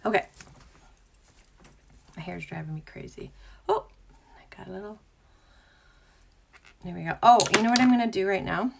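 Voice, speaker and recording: Woman, young adult, makeup tutorial host, bubbly, chatty, slight vocal fry, sometimes whispers. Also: mid-range voice, moderate pace, long pauses, background noise. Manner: bubbly, chatty, drops into soft whispers at times. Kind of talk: casual makeup tutorial chat.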